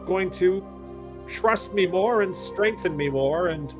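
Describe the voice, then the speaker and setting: A man's voice: high-pitched, slow, over music. Stammering earnest tabletop player, male. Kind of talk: in-character tabletop role-play.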